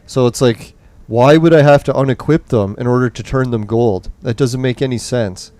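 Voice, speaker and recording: A man's voice: medium pitch, normal speed, a little mellow. A man commentating on a mobile game as he plays, ranting angrily and swearing nonstop while in nicotine withdrawal. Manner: angry swearing rant. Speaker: gaming streamer.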